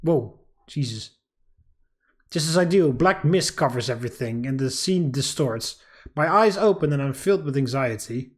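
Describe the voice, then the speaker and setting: A man hosting a game playthrough, reading the story aloud in a steady, dramatic way with casual asides. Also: mid-range voice, moderate pace. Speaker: let's play host. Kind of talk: reading a visual novel aloud.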